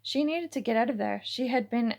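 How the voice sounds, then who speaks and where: A woman reading her own romance novel aloud, halting, with frequent restarts and self-corrections. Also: a little high, creaky, darkish tone.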